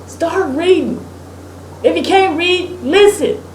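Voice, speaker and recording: A woman's voice: very high-pitched, slow. A woman, co-hosting a casual political chat and lecturing her listeners directly. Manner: animated, preachy, talks straight to the listeners with y'all. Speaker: podcast co-host. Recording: echoey room with faint ambient hiss.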